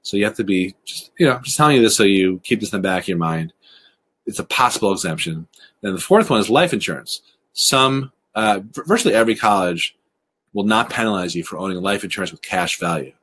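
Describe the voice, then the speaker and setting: A man presenting a recorded webinar, talking quickly and explaining things briskly. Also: fairly low pitch, lively intonation, fairly bright tone, slightly rough. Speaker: webinar presenter on college financial aid.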